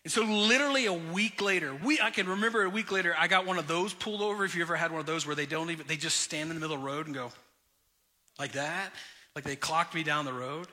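A pastor with a bright, forceful voice preaches to his congregation, moving between personal anecdotes and direct appeals. His voice carries a long reverb from the church hall, and he sits a little above other men in pitch. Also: fast. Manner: energetic storytelling preacher, direct address. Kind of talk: sermon.

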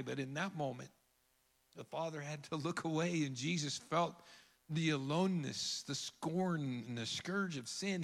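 A man preaching in a church sanctuary, his voice sitting a little high for a man and trailing a long reverb through the room. He talks earnestly, swelling to emphatic peaks, then sinking to hushed lines. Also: gravelly. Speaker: pastor. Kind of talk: sermon.

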